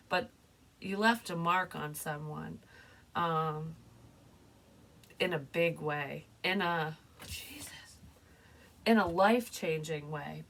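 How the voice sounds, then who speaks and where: A woman's voice: deep voice, fairly bright tone, a little hiss or hum. A woman giving a casual spoken psychic reading, chatty and loose, laughing often and swearing now and then. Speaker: psychic reader.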